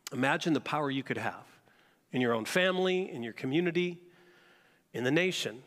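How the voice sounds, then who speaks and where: A man's voice: mid-range voice, animated, brisk, fairly bright tone. A man preaching a sermon as pastor, putting rhetorical questions to his congregation. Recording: long reverb of a large hall.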